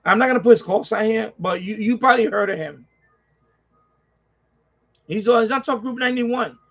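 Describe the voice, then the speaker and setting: A man's voice: high-pitched, normal speed, fairly bright tone. A man with a New York accent hosting a live stream in casual chat, ranting and rambling with plenty of swearing and repeats. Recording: slightly dull lo-fi audio.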